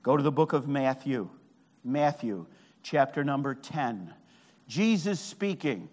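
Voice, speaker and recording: A man preaching a fervent sermon at a camp, swinging from hushed words to shouted, drawn-out emphasis. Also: mid-range voice, lively intonation. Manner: draws out key phrases slowly. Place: meeting hall at a camp. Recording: long hall reverb.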